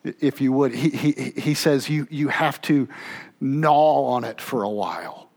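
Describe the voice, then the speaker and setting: A male pastor preaching in a conversational, animated way. He pushes his voice up for emphatic lines, then drops low and soft for asides. He keeps checking in with his listeners and restarting phrases as he thinks aloud. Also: measured pace, gravelly. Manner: conversational, with frequent "okay?" check-ins and restarts. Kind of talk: sermon.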